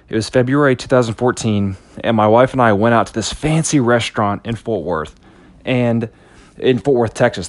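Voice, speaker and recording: A man's voice: mid-range voice, no echo. A man in his thirties giving a motivational talk, telling a personal story in an earnest, anecdotal way with frequent restarts.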